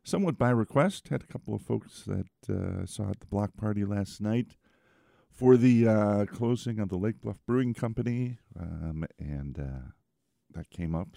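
A middle-aged man hosting a radio music show, talking in a laid-back, chatty way with lots of small pauses. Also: fairly low pitch, lively intonation, gravelly, mellow, dry recording, clean studio sound. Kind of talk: casual radio show patter.

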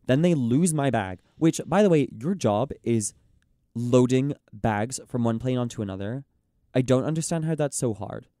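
A young man in casual chat, ranting in an exasperated, animated way and mimicking the people he quotes. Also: medium pitch, normal speed, dry recording, studio quality. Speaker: podcast host.

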